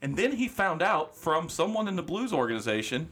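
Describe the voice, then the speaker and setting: A man telling stories in a casual chat, animated and laughing often. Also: on the high side, brisk, husky.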